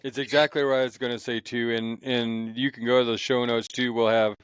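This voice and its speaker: A man's voice: mid-range voice, flat delivery, a little fast, clean tone, no echo. A man hosting a podcast in casual chat, laughing easily and sometimes searching for words. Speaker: podcast host.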